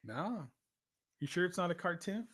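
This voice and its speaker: Male co-host, slightly higher voice, slangy, jokey, thinks out loud. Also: lively intonation, moderate pace. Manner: slangy, joking, guessing out loud. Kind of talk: casual live-stream chat.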